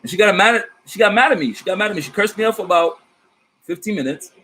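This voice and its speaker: A man with a high voice and a quick pace reads tarot on his vlog. He rambles about spirit guides in an animated, slangy style, swearing freely, and the recording is rough.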